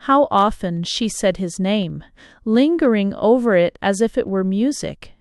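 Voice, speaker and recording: A woman reads a novel aloud in an unhurried, measured way. Her voice is smooth and clear. The recording is close and dry, with no room echo. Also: medium pitch, animated, darkish tone. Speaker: audiobook narrator. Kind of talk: audiobook reading of a novel.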